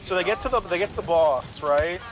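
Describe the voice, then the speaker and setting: A man's voice: high voice, a little fast. A man who runs tabletop games, casually retelling a session in a rambling way, swearing and asking "right?" as he goes. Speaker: game master. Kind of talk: casual storytelling about a tabletop game.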